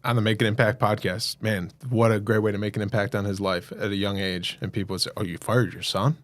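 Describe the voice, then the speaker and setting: A man hosting a podcast interview, enthusiastic and warmly praising his guest before steering to the next topic. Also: on the low side, level tone, fast. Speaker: podcast host. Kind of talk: casual interview talk.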